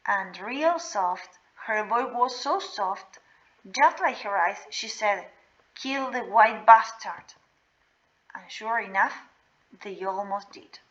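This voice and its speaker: A woman reading a novel aloud in a slow, deliberate way. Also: medium pitch, lively intonation, a bit bright, muffled recording. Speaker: reader.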